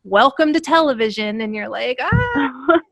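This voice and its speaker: A woman actress, a guest in a casual interview, telling lively anecdotes and laughing as she talks. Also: mid-range voice, moderate pace, a little hiss or hum. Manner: animated storyteller, laughs while telling anecdotes.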